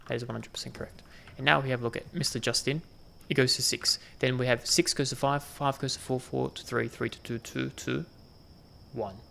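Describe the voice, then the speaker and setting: Gravelly man muttering gameplay commentary. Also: medium pitch, steady tone, a little fast, fairly bright tone. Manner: thinking aloud, muttering counts to himself. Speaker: gaming channel host.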